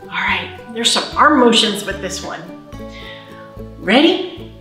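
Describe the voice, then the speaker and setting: A woman leading a library storytime for babies, reading a picture book slowly and in a sing-song way and talking straight to the little ones. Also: mid-range voice, bright, forceful tone, echoey room, soft background music. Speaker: children's librarian. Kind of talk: baby storytime reading and singing. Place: library room.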